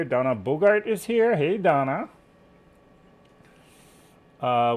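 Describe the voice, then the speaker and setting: A man with a gravelly, fry-edged voice hosts a live stream from his home. He chats casually and greets viewers one by one, now and then losing his train of thought. A faint hiss sits under the recording. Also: medium pitch. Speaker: quilting livestream host.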